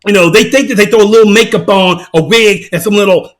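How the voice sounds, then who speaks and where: A man giving a mocking, emphatic rant as reaction commentary on his channel, often bursting into shouts. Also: sits high, quick pace. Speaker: channel host.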